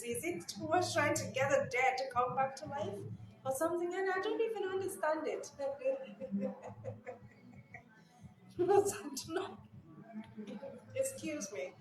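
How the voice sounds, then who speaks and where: Laughing, animated woman commentator. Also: sits high, measured pace, long pauses. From Nigeria. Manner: animated, incredulous, laughs often. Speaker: news commentator. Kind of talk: casual commentary vlog. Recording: echoey room with background music.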